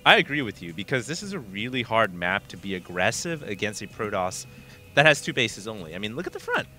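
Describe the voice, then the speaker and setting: A man's voice: on the low side, very animated, a little fast, sharp tone, faint music behind. A man doing color commentary on a video game match, upbeat and jokey. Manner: upbeat, jokey, laughs easily. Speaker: esports caster.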